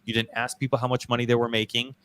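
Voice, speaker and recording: A man's voice: mid-range voice, level tone, rapid-fire, fairly bright tone, smooth, dry recording. A man hosting a casual podcast, telling his own story in a slangy, self-deprecating, emphatic way. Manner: slangy, storytelling, frequent "bro" and "dude". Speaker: podcast host.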